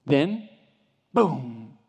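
Pastor guy telling a story in a sermon, kinda high voice, goes quiet a lot, echoey big hall. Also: big pitch swings, extremely slow, creaky, slightly rough. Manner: vivid second-person storytelling, dropping to hushed tones. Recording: long hall reverb.

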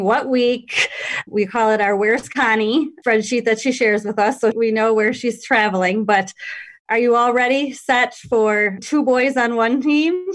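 A woman hosting an interview podcast, friendly and affirming toward her guest. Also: fairly high pitch. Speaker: podcast host. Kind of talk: interview and show outro.

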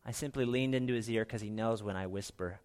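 Earnest pastor, hushed and soft-spoken. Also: male voice, fairly low pitch, fast talker. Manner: earnest, drops to soft hushed tones for emphasis. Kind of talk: sermon.

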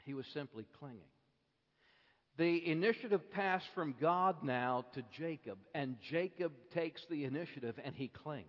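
A man preaching a sermon, moving between hushed lines and impassioned outbursts with slow, deliberate phrasing. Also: on the high side. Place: church hall. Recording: dull lo-fi recording with long hall reverb.

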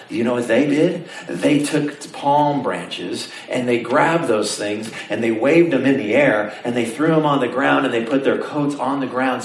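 A man preaching a sermon, telling the story with animated energy and asking his congregation questions. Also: medium pitch. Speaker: pastor. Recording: roomy sound from some distance, faint ambience.

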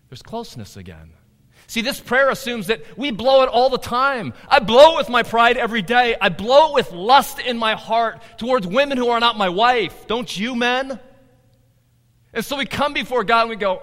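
Animated preacher in a reverberant hall. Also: male voice, very high-pitched, moderate pace. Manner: animated, swings from loud emphasis to hushed intimacy. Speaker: pastor. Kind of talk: sermon.

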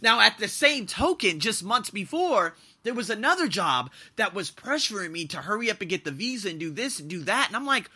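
A young man hosts his own podcast, telling personal stories in a loose, animated monologue. His voice sits a little high and very bright, and it leaps up and down as he gets into a story. He swears freely and breaks into laughter at his own anecdotes. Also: a little fast, few pauses, husky. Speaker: podcast host.

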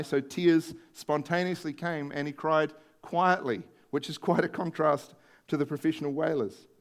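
A man with a high-pitched voice preaches a sermon in a conversational tone. He retells a story and adds emphatic stresses along the way. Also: clean tone.

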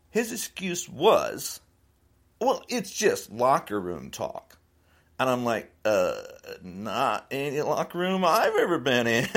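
A man giving an indignant opinion monologue, laughing between his points. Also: a little high.

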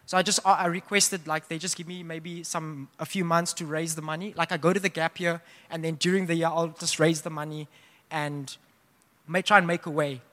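A young man preaching a sermon, telling a personal story in a casual, animated way with laughs. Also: on the high side, normal speed. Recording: long hall reverb.

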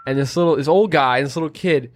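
A man's voice: on the high side, quick pace. A man chatting casually on a podcast, telling stories in a laid-back, slangy way. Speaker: podcast guest or co-host. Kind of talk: casual chat.

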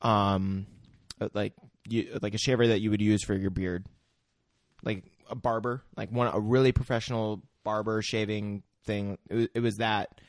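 A man's voice: lowish voice, fairly even intonation, moderate pace, no room sound, clean studio sound. A man co-hosting a podcast, rambling through a complaint with lots of swearing and calls of bro. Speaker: podcast co-host. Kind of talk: casual movie recap chat.

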